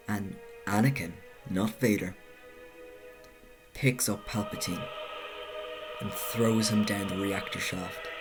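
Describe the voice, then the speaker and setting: A man narrating a casual video essay, talking conversationally with self-correcting asides. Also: fairly low pitch. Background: music.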